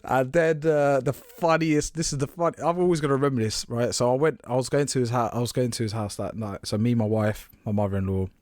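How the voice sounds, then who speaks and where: A man's voice: medium pitch, fairly quick, hardly any pauses, darkish tone, dry recording. A young man co-hosting a podcast, animatedly retelling a story in casual chat and laughing often. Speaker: podcast co-host.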